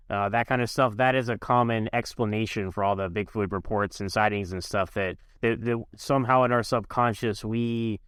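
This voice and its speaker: A man speaking as a podcast guest, joking and quick, with lots of "like" fillers. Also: medium pitch, fairly bright tone, smooth, no room sound, studio quality. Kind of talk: casual chat.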